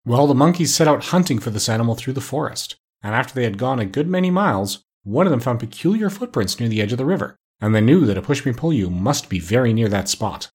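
A man narrates a children's storybook with expressive, animated delivery. His voice is husky, with a lively pitch that rises and falls through the sentences. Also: fast, few pauses. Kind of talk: reading a children's story aloud.

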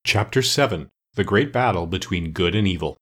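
A man with a somewhat low voice narrating an audiobook. He reads at a measured, even storytelling pace.

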